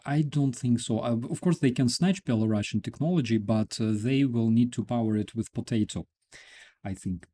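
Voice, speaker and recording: A man's voice: mid-range voice, normal speed, mellow. A man with Ukrainian as his first language, hosting a casual news commentary, sarcastic and often laughing. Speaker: host.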